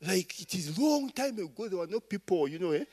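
A man's voice: high-pitched, very animated, fairly quick, warm tone, husky. A middle-aged Ugandan man preaching a sermon, rambling with asides and tossing "eh?" and "okay?" to the congregation. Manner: rambling, call-and-response asides, frequent "eh?" and "okay?". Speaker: pastor.

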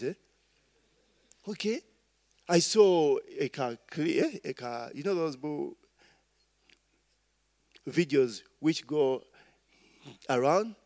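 Ugandan male pastor, middle-aged, slow and rambling sermon delivery, fairly high voice, keeps checking in with the crowd. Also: a little mellow. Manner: rambling, call-and-response asides, frequent "eh?" and "okay?".

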